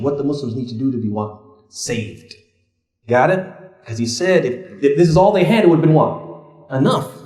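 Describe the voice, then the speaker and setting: An Islamic teacher runs a workshop as interactive classroom teaching, posing questions to the group and then answering them himself. His voice has a darkish tone and rises in pitch when he wants to stress a point. The room is echoey.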